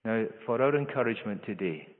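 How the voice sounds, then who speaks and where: A man preaching a sermon in an earnest way, his voice rising higher and louder for emphasis, with frequent restarts. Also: animated, fairly quick. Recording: echoey hall over a tinny lo-fi line.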